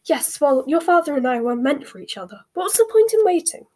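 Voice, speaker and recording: A woman voicing a bustling, worried middle-aged mother witch who talks briskly and sharply. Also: high voice, big pitch swings, a little mellow, pitched above the performer's own voice. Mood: fretting.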